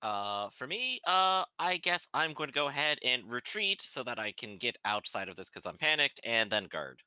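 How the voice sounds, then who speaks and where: A man's voice: mid-range voice, very animated, moderate pace, bright, forceful tone, clean tone, dry recording. A man playing a tabletop game, making dry sarcastic remarks. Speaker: player.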